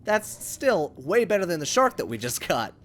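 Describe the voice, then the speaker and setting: A young man casually commenting on his gameplay for viewers, excitable and rambling, talking to the creatures he meets. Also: high-pitched, moderate pace, slight background noise. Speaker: gaming channel host. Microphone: USB condenser microphone.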